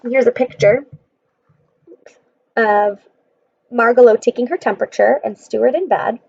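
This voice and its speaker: A woman's voice: fairly high pitch, unhurried, gravelly, darkish tone, slightly rough, no echo, highs cut off. A woman reading a children's chapter book aloud, adding friendly explanations between passages.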